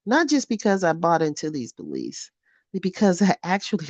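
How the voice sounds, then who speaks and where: A woman's voice: lowish voice, wildly swooping pitch, normal speed, dry recording. Fifties woman reading her journal on a vlog, swears a lot, laughs at herself, voice all over the place, dry dull lo-fi sound. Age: 50s. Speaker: vlogger.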